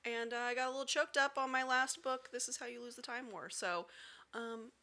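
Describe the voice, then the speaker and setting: A woman's voice: fairly high pitch, steady tone, a little fast, bright, forceful tone. A woman co-hosting a book podcast, chatting casually and emphatically about books that made her cry. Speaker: podcast co-host. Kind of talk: casual chat.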